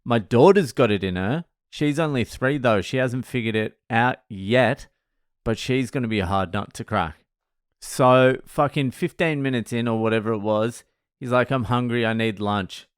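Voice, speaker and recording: A man's voice: mid-range voice, moderate pace, clean tone, dry recording, studio quality. Swearing man telling stories. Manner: profane, joking, laughs at his own stories. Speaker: podcast host answering questions. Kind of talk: casual storytelling monologue.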